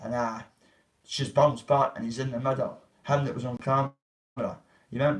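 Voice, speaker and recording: A man's voice: mid-range voice, steady tone, moderate pace. A man telling a story to his livestream viewers in a rambling, profane way, acting out what others said. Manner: rambling, profane, acts out quoted voices. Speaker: vlogger. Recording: voice a bit far from the mic.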